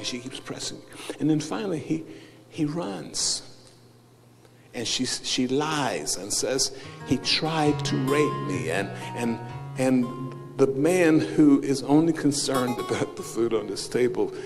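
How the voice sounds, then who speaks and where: A man preaching a sermon as a bishop, acting out the people in his story and swinging from hushed asides to loud cries. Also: medium pitch, gravelly. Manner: acts out biblical characters, swings from hushed to shouting. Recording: live hall with loud music behind.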